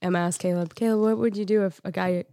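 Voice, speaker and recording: A woman's voice: lowish voice, steady tone, fast talker, dark tone, dry recording. A young woman in casual family chat, giggly and self-mocking, often laughing at her own jokes.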